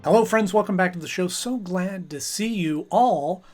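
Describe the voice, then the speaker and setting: Over loud background music, a man with a high voice hosts his channel at normal speed. He reviews an episode in a chatty, rambling way full of fillers, briefly acting out characters.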